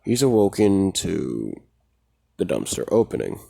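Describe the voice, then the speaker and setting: A man's voice: sits low, big pitch swings, unhurried, creaky, dark tone, dry recording. A man casually retelling a fan story in a rambling, profane way, full of fillers.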